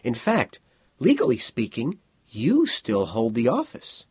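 A man's voice: medium pitch, huge pitch swings, measured pace, darkish tone, slightly rough, no room sound, full character voice. A man voicing a weary, earnest inventor who pleads his case, in an audiobook reading. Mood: pleading.

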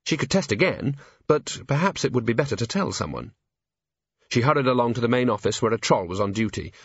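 A man with a husky voice giving scripted audiobook narration in a dry, measured manner. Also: mid-range voice, lively intonation, dry recording, highs cut off.

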